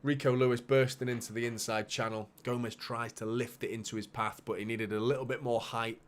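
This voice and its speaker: A man hosting a live football watchalong, calling the play with bursts of excitement and muttered asides. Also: mid-range voice, brisk. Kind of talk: live match commentary for a fan watchalong.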